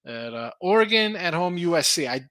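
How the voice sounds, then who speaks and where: A man hosting a sports betting show, chatting casually and thinking aloud over lines and viewer picks with an animated, rambling delivery. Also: a little high, fairly quick, dry recording. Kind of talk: casual live-stream chat reading viewer picks.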